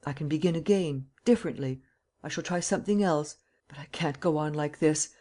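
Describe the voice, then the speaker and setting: A man's voice: a little high, brisk, warm tone, natural voice. A man reading the part of a proud, ironic master thief in his prison cell, with a formal, coolly mocking manner. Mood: desperate.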